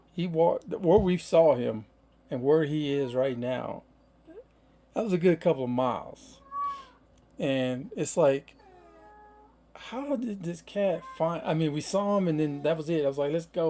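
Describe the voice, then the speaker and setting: Gravelly laid-back middle-aged man. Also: a little high, warm tone, slight background noise. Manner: rambling, laid-back, many fillers. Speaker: van-life livestream host. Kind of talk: casual livestream chat.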